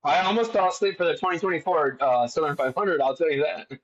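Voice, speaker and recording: Lively young man, lo-fi sound. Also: on the high side, fast talker. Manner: animated storytelling, swears freely. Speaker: podcast co-host. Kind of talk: casual chat. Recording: dull lo-fi sound.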